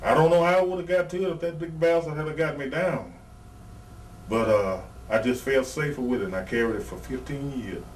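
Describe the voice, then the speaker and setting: With a fairly high pitch and a fairly quick pace, this former pro wrestler, appearing as a guest, tells rambling, cuss-filled stories about his time wrestling in a straightforward, casual interview. The mic sits at a distance, and faint noise lingers in the background.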